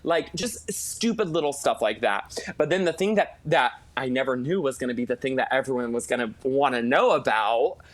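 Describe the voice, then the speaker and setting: A man with a middle-pitched voice tells a backstage story in a casual interview. He talks in an animated, gossipy way, with lots of swearing and restarts. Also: normal speed, hardly any pauses. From Los Angeles. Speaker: guest, celebrity makeup artist.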